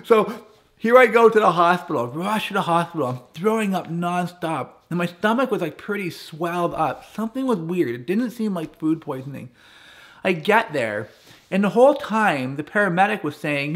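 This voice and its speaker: A man with a fairly high voice tells a personal story to a camp crowd as a guest speaker. He keeps it conversational and playful, leaning on humor as he goes. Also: expressive, normal speed, fairly bright tone. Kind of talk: personal storytelling talk to campers.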